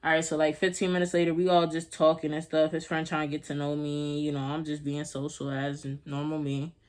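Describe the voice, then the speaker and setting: A young woman with a low, deep voice tells a story to her camera at home. She talks casually and rambles, full of slang and little laughs. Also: flat delivery, fairly quick, darkish tone. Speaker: vlogger.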